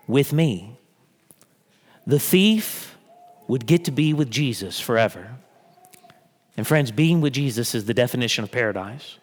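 A man's voice: medium pitch, fairly bright tone. A man preaching a sermon in an earnest way, building to emphatic peaks. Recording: long hall reverb.

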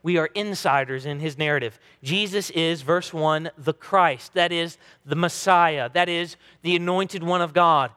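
High-voiced preacher in an echoing hall. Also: male voice, a little slow, hardly any pauses, pushed and bright, smooth. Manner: earnest, emphatic preaching with dramatic quoted voices. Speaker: pastor. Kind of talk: sermon. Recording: long reverb of a large hall.

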